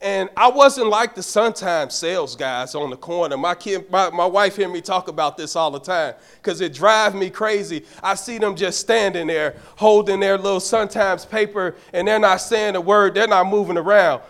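A man's voice: high-pitched, a little slow, gravelly, a bit bright. A middle-aged man, a deacon telling stories in a sermon and building to passionate peaks. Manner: bellows street-vendor calls in stories. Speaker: deacon preaching. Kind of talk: storytelling sermon.

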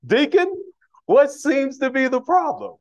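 A man voicing a stern pastor who questions him in a slow, formal way, in a voice well above his own. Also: very high voice, expressive, no room sound, lo-fi sound, voice pushed up, heavily acted.

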